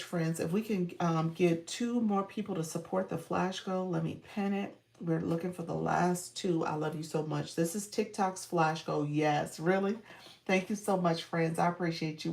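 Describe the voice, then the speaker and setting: Low raspy-ish lady coaching on a live stream, chatty, thanks everyone, roomy echo. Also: recorded from a distance. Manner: chatty, thanks viewers often, laughs easily. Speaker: livestream coach. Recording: echoey room, voice off-mic.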